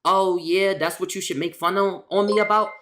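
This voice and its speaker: A woman's voice: mid-range voice, fairly even intonation, normal speed, fairly bright tone. A woman streamer talks straight to her chat in a loose, slangy rant. She is exasperated and keeps circling back to the same points.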